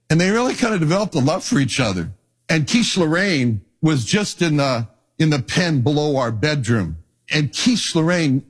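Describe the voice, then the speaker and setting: A middle-aged man, a pastor, preaching a sermon and telling personal stories, dropping his voice low for asides. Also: breathy edge. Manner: animated storytelling, drops low for asides.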